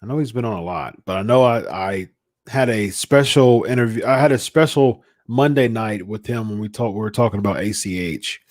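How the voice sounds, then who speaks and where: A man's voice: on the low side, brisk, no echo. Laid-back male podcast host, dry sound. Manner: laid-back, chuckling, repeats himself. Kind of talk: casual live-stream chat.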